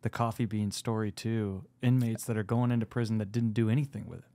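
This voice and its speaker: A man's voice: fairly low pitch, fairly even intonation, a little fast, mellow. A man hosting a podcast, asking questions and backing up his guest with short affirmations. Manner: supportive, affirming interjections. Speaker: podcast host. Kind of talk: casual interview.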